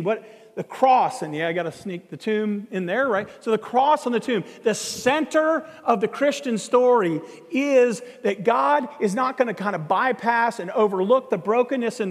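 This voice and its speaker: A man preaching a sermon, telling a story in a conversational, animated way and acting out the dialogue. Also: sits high. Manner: animated, acts out quoted dialogue, conversational asides. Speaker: pastor. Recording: long hall reverb.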